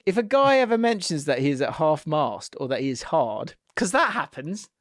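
Man, 30s, chatty co-host, fairly high voice, dry close mic. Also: big pitch swings, moderate pace, dry recording. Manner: laughs often, reads listener messages aloud. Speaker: podcast co-host. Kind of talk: casual chat.

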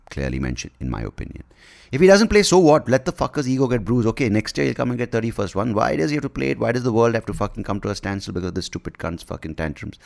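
A man in his forties hosts a comedy podcast in a profane, rambling rant. His low, gravelly voice swings widely in pitch as he mocks himself and others. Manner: profane, rambling, self-mocking.

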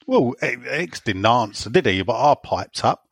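A man's voice: medium pitch, big pitch swings, a little slow, gravelly, husky, no room sound. A man co-hosting a casual football podcast, blunt and mocking in his jokes. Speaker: podcast co-host.

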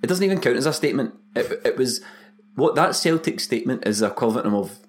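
A Scottish man hosts a casual football podcast with animated, rapid banter. His voice sits at a middling pitch and he rattles along at a brisk pace. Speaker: podcast host.

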